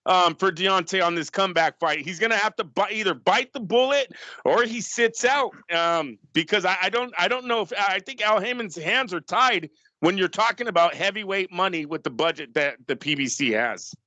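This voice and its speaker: A man co-hosting a casual boxing podcast, talking fast and analytically with frequent restarts. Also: high-pitched, pushed and bright, no echo. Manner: fast analytical, restarts, argues business points.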